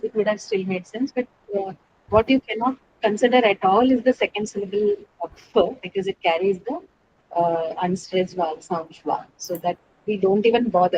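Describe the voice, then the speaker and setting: A woman's voice: mid-range voice, lo-fi sound. Patient woman teacher, noisy line. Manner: explains step by step, asks questions then answers them; repeats key words for emphasis. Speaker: English teacher. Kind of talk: online pronunciation lesson. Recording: steady background noise.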